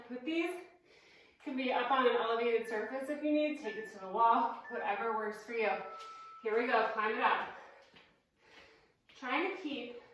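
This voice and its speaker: A woman's voice: a little high, fairly bright tone, a little hiss or hum. A woman fitness instructor leading a live workout class, out of breath, upbeat and chatty as she counts down reps. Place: indoor room at home, evening workout. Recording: very echoey room, mic far off.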